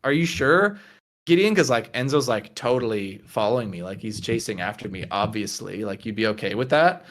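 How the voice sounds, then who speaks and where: A man's voice: lowish voice, expressive, normal speed, fairly bright tone, voice pushed down. A man voicing a snooty young woman student with dismissive valley-girl talk, in a tabletop game.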